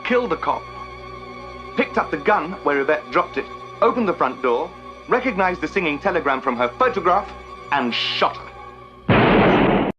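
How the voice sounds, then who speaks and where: An actor playing a frantic butler who breathlessly reenacts a string of murders, in film dialogue over score music. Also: male voice, fairly high pitch, big pitch swings, unhurried, pauses often, highs cut off. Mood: theatrical accusing. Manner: breathless, theatrical, accusing.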